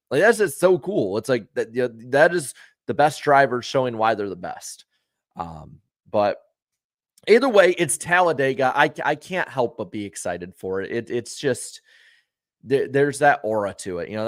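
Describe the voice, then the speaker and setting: A man's voice: medium pitch, no echo. Male show host, mid-range voice, dry close sound, opinionated casual chatter. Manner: frank, opinionated, conversational; friendly to viewers. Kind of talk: casual pre-race talk.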